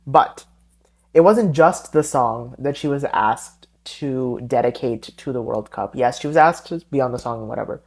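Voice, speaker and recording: A man's voice: mid-range voice, normal speed, husky. A man hosting his own podcast alone, chatting casually and going off on tangents, often correcting himself mid-sentence. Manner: rambling, tangent-prone, self-correcting. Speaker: podcast host. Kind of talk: solo podcast chat.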